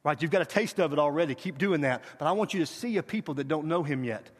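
A middle-aged man preaching a guest sermon, animated and urging the congregation to repeat after him, at times dropping to a quiet hush. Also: fairly high pitch, fast. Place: church sanctuary. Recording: reverberant church hall.

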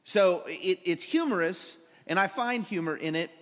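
A man preaching a sermon, telling the story with animated emphasis and acting out the characters' lines. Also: sits high, normal speed. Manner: animated storytelling, acts out voices with rising emphasis. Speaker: pastor. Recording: long hall reverb.

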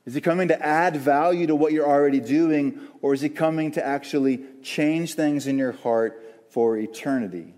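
A man preaching a sermon as the church's pastor, earnest and searching, with pauses and restarts. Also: fairly high pitch, a little mellow. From American South. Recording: long hall reverb.

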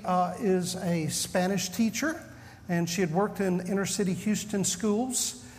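Folksy, self-deprecating tales start off this sermon from a pastor in his fifties who hails from the Southern United States. His high voice carries the sound of a big room.

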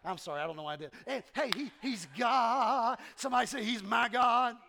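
A man preaching a sermon, animated and repetitive, leading the congregation in call-and-response in a church. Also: very high-pitched, fast, vocal fry. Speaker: pastor. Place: church sanctuary.

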